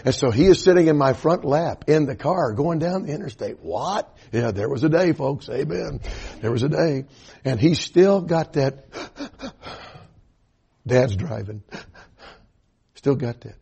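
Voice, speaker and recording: Older southern preacher guy, mellow husky voice, telling folksy stories in a sermon, says amen a lot. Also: mid-range voice, lively intonation, normal speed. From Atlanta area, US South. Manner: folksy storytelling, punctuated with amens.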